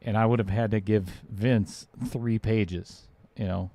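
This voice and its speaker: A man hosting casual live commentary on a pool match, chatty and quick to laugh. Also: fairly low pitch, fairly even intonation, warm tone, no echo. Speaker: pool stream commentator and host.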